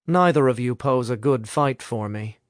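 A man voicing a calm, confident young male rival student who speaks dryly in a storybook reading. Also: mid-range voice, normal speed, no room sound, studio quality, natural voice. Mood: cool.

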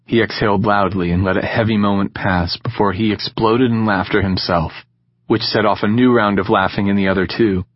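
A man narrates a novel in a calm, measured voice that sits lowish and husky. The recording is dead dry and a little muffled, like a close home-studio read. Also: no echo. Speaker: audiobook narrator. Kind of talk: scripted narration.

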